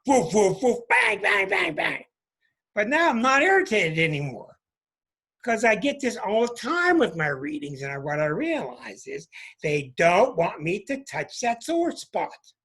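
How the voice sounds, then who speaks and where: Emphatic husky-voiced man telling a story. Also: sits high, big pitch swings, a little slow, fairly bright tone. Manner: emphatic, repeats sounds for effect. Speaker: astrologer and host. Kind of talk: storytelling to a group.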